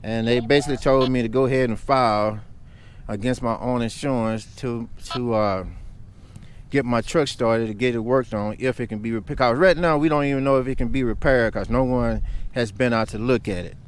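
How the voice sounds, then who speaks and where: A man's voice: mid-range voice, fairly quick, clean tone. A man vlogging, telling a story in a heated, emphatic rant.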